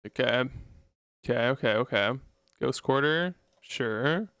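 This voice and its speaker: Slow-talking man, anguished game commentary. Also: mid-range voice, lively intonation, smooth, dry recording, studio quality. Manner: pleads and groans at bad luck, loud anguished outbursts. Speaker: gameplay commentator. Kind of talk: casual card game commentary.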